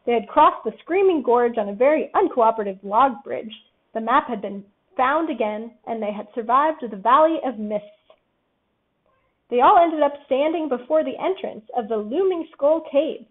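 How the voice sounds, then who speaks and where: Woman storybook narrator, high and lively, tinny phone-like audio. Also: moderate pace. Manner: lively, expressive reading. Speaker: storybook reader.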